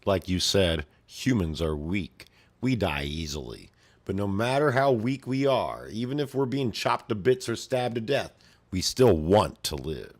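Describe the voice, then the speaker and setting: A man voicing a grim, vengeful adult male swordsman who taunts in a flat, menacing tone. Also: on the low side, a little slow, pitched above the performer's own voice, full character voice. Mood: cold menace.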